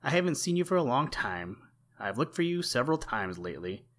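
A man's voice: medium pitch, big pitch swings, brisk, a bit bright, pitched above the performer's own voice. A man doing Blacky, a sly boastful crow. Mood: chatty. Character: shrewd, self-assured male crow, boastful and chatty.

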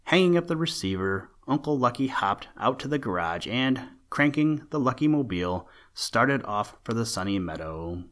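A man narrating an old-fashioned children's storybook in a gentle storytelling manner. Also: medium pitch, sing-song, normal speed, few pauses.

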